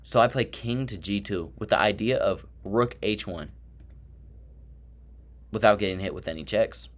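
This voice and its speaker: A young man excitedly giving play-by-play commentary on his own chess game, talking to himself as he goes. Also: lowish voice, moderate pace. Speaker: chess streamer.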